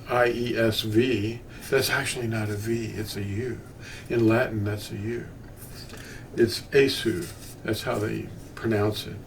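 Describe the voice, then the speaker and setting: Slow, rambling older man teaching. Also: mid-range voice, darkish tone. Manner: meandering, with frequent restarts and asides. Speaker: bible teacher. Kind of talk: unscripted teaching talk. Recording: distant mic with faint ambient noise.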